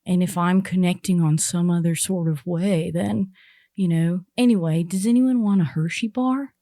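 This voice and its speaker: A woman playing an awkward, earnest young man in an improvised comedy scene, talking hesitantly with many pauses. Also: on the low side, mellow, no room sound, studio quality, lightly acted. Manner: hesitant, halting, full of ums.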